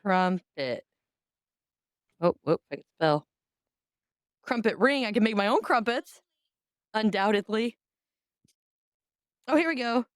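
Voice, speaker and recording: A woman, hosting a casual podcast chat, animated, laughing often and swearing casually. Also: medium pitch, slow pace, pauses often, no echo, studio quality. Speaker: podcast host.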